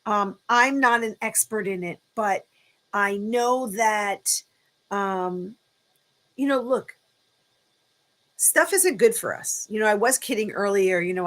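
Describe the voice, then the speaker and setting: A woman's voice: mid-range voice, takes it slowly, long pauses. Chatty woman hosting a live chat. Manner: chatty, warm-hearted encouraging, lots of ums. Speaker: livestream host.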